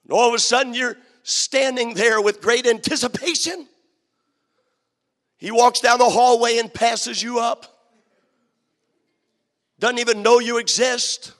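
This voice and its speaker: A man delivering a sermon, high-pitched and telling stories as he goes. He hammers his points home with repeated phrases. His voice rings out with a long reverb, as in a big church hall. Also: normal speed, fairly bright tone. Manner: storytelling, repetitive and emphatic. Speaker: preacher.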